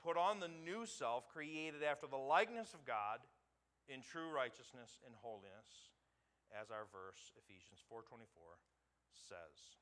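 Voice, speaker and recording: Male pastor preaching, bright tense voice. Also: medium pitch, a little slow. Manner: swells from calm teaching to loud emphatic preaching; repeats words for emphasis, asks the congregation questions. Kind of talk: sermon.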